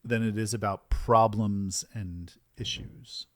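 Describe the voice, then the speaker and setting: A man hosting a business podcast, talking in an energetic, emphatic way and often tagging his points with "right?". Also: fairly low pitch, slow pace, no room sound, clean studio sound. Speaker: podcast host and business coach. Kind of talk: casual podcast conversation.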